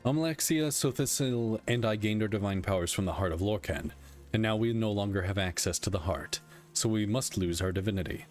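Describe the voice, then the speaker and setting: A man's voice: lowish voice, soft background music, lightly acted. A man reading out a weary, candid god-king. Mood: solemn. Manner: reads text aloud in a plain measured voice.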